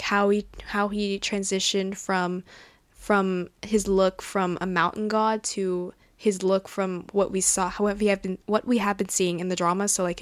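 A woman's voice: mid-range voice, dry recording. A woman hosts her own podcast in a casual, gushing way, full of laughs and fillers. Her voice sits in the middle of the range for a woman. The sound is close and dry, recorded indoors at a table. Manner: gushing, excitable and chatty, with frequent laughs and fillers. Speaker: podcast host. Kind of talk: casual solo podcast chat.

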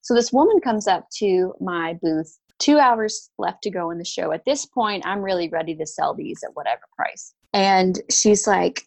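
A woman guest telling a candid personal story in conversation, animated, filling her talk with "like" and "you know". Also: medium pitch, normal speed, creaky, hardly any pauses. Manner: animated, acts out quoted people with raised voice; frequent "like" and "you know" fillers.

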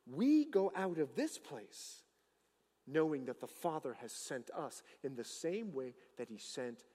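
A man preaching a sermon as pastor, swinging between loud declarations and hushed asides. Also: fairly high pitch, sing-song, a little slow, breathy edge, big-room sound.

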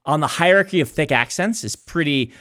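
A man co-hosting a podcast as an author, talking in a chatty, explanatory way with quick asides. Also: a little high, lively intonation, fairly bright tone, no echo, studio quality. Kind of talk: casual chat.

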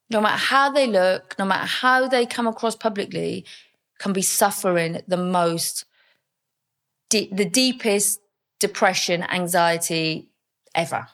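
A woman's voice: medium pitch, slow pace, long pauses. A young woman speaking frankly and chattily as an interview guest, with plenty of fillers. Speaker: podcast guest, mother. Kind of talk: candid interview storytelling.

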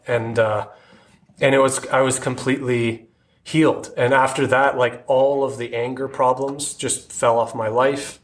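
A man telling his personal faith testimony in an earnest, halting way, often restarting his sentences. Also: medium pitch. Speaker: guest sharing his testimony.

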